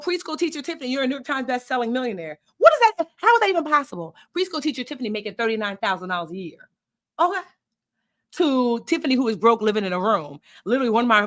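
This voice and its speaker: A woman hosting a live online workshop as a life coach, animated and emphatic, with preachy repetition. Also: high voice.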